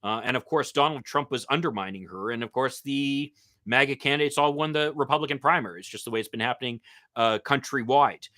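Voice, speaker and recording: A man hosting a live-stream Q&A as a political commentator, answering viewer comments in a halting way with many ums and uhs. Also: mid-range voice, sharp tone. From Michigan. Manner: halting, with frequent um and uh fillers.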